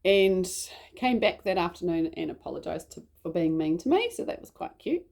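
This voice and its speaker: Woman, 30s, casual rambling storyteller, warm and low-pitched. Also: sing-song, normal speed, creaky. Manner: rambling, many fillers and side stories. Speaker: mother telling a personal story.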